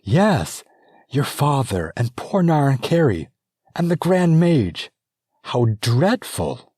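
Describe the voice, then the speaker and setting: A man's voice: low voice, lively intonation, moderate pace, darkish tone, slightly rough, no room sound, studio quality, voice pushed up. A man reading an audiobook, voicing an effusive young princess who exclaims with raised voice. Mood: gushing. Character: excitable young royal princess, gushing.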